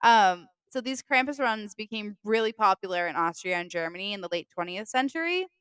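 A woman's voice: mid-range voice, animated, fairly quick, a bit bright, clear, resonant tone, no room sound. Profane Boston woman co-hosting a podcast. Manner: profane, joking, loose storytelling. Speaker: podcast co-host. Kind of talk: casual chat.

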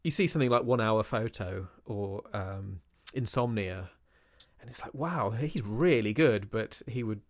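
Animated man talking films. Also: lowish voice, normal speed. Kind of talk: casual film discussion.

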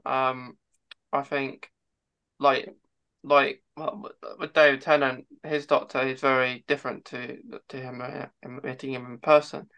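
Bright, stammering man. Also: medium pitch, level tone, a little slow, clean tone. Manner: stammering restarts, quizzical. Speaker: podcast guest. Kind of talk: casual chat.

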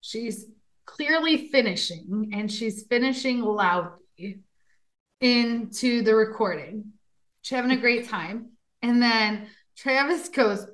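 A woman's voice: a little high, a little slow, a bit bright. A woman co-hosting a podcast, casually recounting a true crime case with lots of fillers. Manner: chatty storyteller, frequent fillers and laughs.

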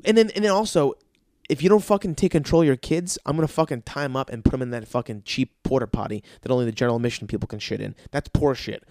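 A man's voice: a little high, a little mellow, no echo, clean studio sound. A man from the United States telling a comedic story as a rant, exasperated, sarcastic and swearing constantly.

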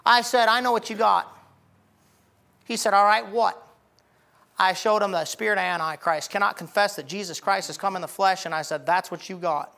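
A male pastor telling a story from the pulpit, acting out the dialogue and building to shouts. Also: high-pitched, steady tone, normal speed, creaky. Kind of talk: sermon storytelling.

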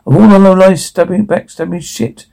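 A man playing a gruff, bitter, hot-tempered grown man in a TV drama, given to swearing outbursts. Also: high-pitched, fairly even intonation, normal speed, warm tone, low-quality recording. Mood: angry confrontation.

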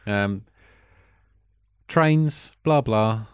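A man's voice: lowish voice, drawn-out words, clean tone, no echo. A man in casual film discussion, dry and sardonic, reading out his notes. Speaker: film podcast co-host.

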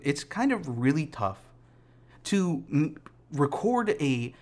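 A young adult man hosting a casual solo podcast, rambling through tangents in a joking, self-deprecating way. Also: medium pitch. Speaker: podcast host.

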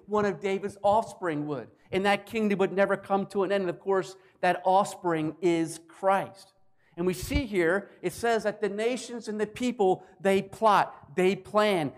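Male pastor, high voice, animated sermon delivery. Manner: animated preaching, acting out voices for emphasis.

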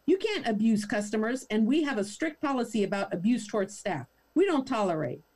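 A woman voicing a calm, firm female store manager. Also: a little high. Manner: firm, measured.

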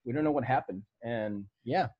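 A man's voice: medium pitch, moderate pace, lo-fi sound. A man from Puerto Rico who is a guest on a casual podcast, speaking in a laid-back way and swearing freely. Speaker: podcast guest, metal musician.

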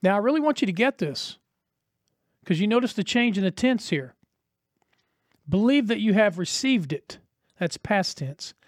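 A man's voice: high-pitched, lively intonation, moderate pace, pauses often, dry recording, clean studio sound. A man preaching a sermon as a pastor, earnest and conversational, posing rhetorical questions to his listeners.

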